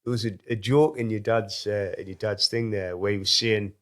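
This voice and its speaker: A man's voice: lowish voice, steady tone, normal speed. A man hosting a casual podcast chat, mostly agreeing briefly and sometimes retelling a short story. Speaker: podcast host.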